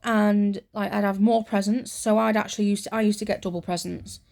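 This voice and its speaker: Soft-spoken woman with vocal fry. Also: medium pitch, fairly even intonation, fairly quick. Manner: soft, rambling storytelling. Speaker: ASMR creator. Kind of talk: soft-spoken ASMR chat.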